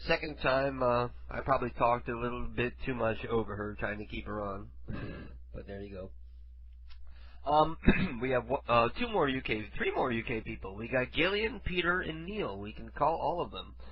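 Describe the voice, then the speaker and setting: A male radio host rambling casually between prank calls, crude and quick to laugh. His speaking voice is middle-pitched but swings widely. The audio is dull and lo-fi, like an old radio broadcast. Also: lively intonation, husky, dry recording.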